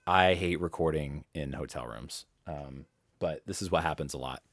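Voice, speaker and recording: Deep-voiced casual male voice coach. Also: normal speed, a bit bright, no echo. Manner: casual, rambling, restarts sentences. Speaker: voice-over coach. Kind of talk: live webinar teaching. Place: home studio.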